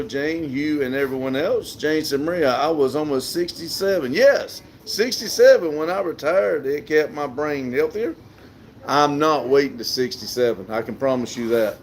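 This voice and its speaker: A man's voice: mid-range voice, a little hiss or hum. Southern man chatting on a livestream. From southern United States. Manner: chatty, laughs often, reads comments aloud. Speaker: livestream host reading chat. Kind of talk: casual live chat. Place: outdoors.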